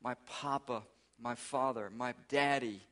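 A pastor voicing a joyful old uncle. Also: male voice, mid-range voice, unhurried, bright, forceful tone, voice pushed down. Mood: delighted. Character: joyful eighty-year-old Irish uncle.

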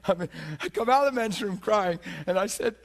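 A male preacher delivering a sermon with vivid storytelling. His voice sits a little high for a man and turns lively as he acts out scenes for his listeners. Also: moderate pace. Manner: animated, laughs at his own story, acts out the people in it. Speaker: preacher teaching on divine healing. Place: teaching session before a listening audience.

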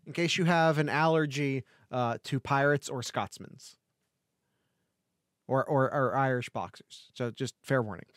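A man's voice: medium pitch, no echo, clean studio sound. A man co-hosting a casual sports podcast, reading an ad in a jokey, rambling way. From Ohio. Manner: jokey, rambling ad read with restarts. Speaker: podcast co-host.

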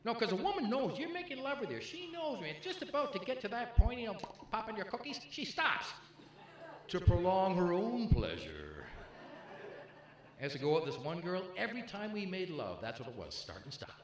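A man in his 50s doing stand-up speaks in a high register with huge pitch swings. His crowd work is punchy and teasing, packed with quick jokes, and the echoey live club recording picks up crowd noise and audience laughter.

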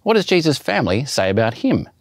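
A man's voice: medium pitch, very animated, fast talker, no room sound, studio quality. A man preaching a sermon in a chatty, self-deprecating storytelling way. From Australia.

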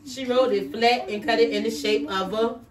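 A woman's voice: on the high side, fairly even intonation, a little fast, a crowd in the background. A woman reading a picture book aloud to her children in a playful way, stopping to quiz them. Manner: playful, stops to quiz the kids. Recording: echoey room, distant mic.

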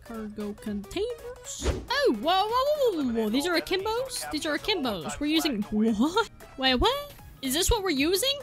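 A woman giving excitable live commentary while playing a shooter game, often apologizing and joking about herself, with game music and gunfire behind her. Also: very high voice, normal speed. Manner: excitable, exclaiming and apologizing a lot; self-deprecating joking. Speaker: gaming video creator. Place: at home, seated at a gaming desk.

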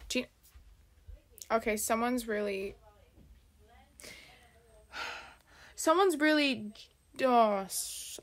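A woman YouTuber in a storytime vlog, reacting dramatically with exclamations and sudden whispers. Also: on the high side.

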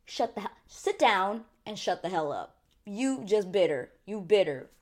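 Animated woman recapping a TV show. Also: medium pitch. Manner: animated, slips into quick voices when quoting people; laughs and swears casually. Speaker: TV recap host.

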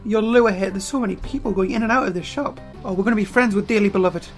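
An excitable woman talks through her gameplay as a let's player. Her voice sits at an ordinary pitch for a woman and she breaks into sudden exclamations, with faint game music underneath. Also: quick pace. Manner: excitable, frequent startled exclamations. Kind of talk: gameplay commentary.

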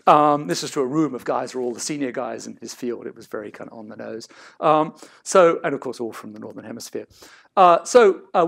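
A man's voice: medium pitch, gravelly. A middle-aged man giving an academic seminar talk, discursive and hedged, often breaking off mid-sentence to restart. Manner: discursive, self-interrupting, hedged. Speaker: seminar lecturer.

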